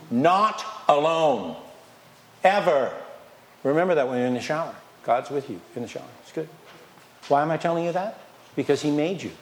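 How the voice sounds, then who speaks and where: A man preaching a sermon as pastor, lively and conversational, firing questions at the congregation and dropping from loud emphasis to near whispers. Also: fairly high pitch, a little hiss or hum. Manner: animated, questions the congregation, swings from loud to quiet; playfully mocks excuses in a whiny put-on voice.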